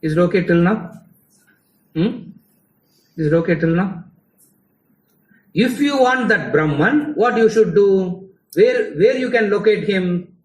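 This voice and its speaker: Man, Tamil-English accent, teasing lecturer's manner, slightly high voice, roomy hall, heard from a distance. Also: lively intonation, measured pace, pauses often. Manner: conversational, teasing the audience, mixing English and Tamil. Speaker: spiritual lecturer. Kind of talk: live lecture to a class. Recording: echoey hall, mic at a distance.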